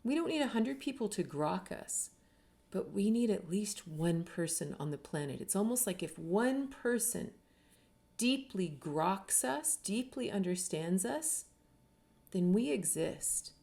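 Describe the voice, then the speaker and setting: A woman's voice: mid-range voice, very animated, unhurried, gravelly, dark tone. A middle-aged woman from Canada, an author giving an earnest, reflective talk and briefly acting out the people she quotes. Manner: earnest, acts out quoted voices. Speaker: author and speaker.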